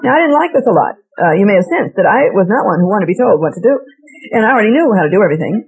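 A woman's voice: medium pitch, very animated, very fast, a little mellow, rough recording. A woman from Massachusetts with a Boston accent, telling a wry, self-mocking personal story to a live audience and asking them direct questions. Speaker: speaker addressing an audience.

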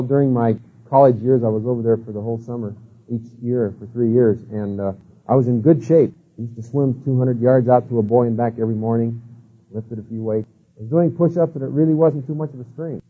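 Husky man lecturing on tinny old tape. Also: mid-range voice, fairly quick. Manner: folksy, storytelling with many "you know" and "uh" fillers. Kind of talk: sermon-style lecture.

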